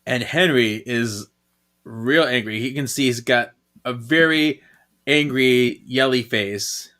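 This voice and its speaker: A man's voice: medium pitch, takes it slowly, pushed and bright. A man co-hosting a podcast, casually talking through a comic and laughing often. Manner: laughs often, reads dialogue with playful voices. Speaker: podcast co-host.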